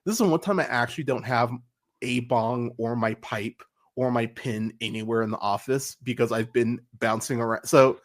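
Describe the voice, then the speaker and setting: Rambling young American podcast host. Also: male voice, mid-range voice, normal speed. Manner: rambling, filler-heavy, swears freely. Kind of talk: casual livestream chat.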